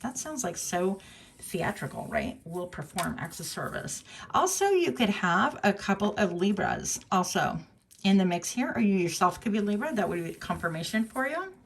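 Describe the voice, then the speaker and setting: This tarot reader is a woman with a husky voice, very animated and speaking at a moderate pace. Her casual reading is chatty and musing, full of fillers and self-corrections, with occasional jumps into a high voice to quote people.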